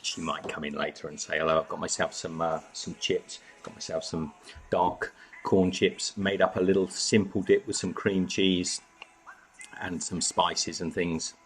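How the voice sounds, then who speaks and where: A man's voice: low voice, flat delivery, unhurried, faint music behind. A man hosting a casual live chat from home, greeting viewers by name and snacking as he talks. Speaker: live stream host.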